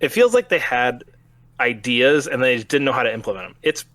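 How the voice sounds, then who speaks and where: Man, bright forceful voice, casual podcast chat, animated, acts out quick lines, dry close mic. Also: mid-range voice, no room sound. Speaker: podcast co-host reviewing a game.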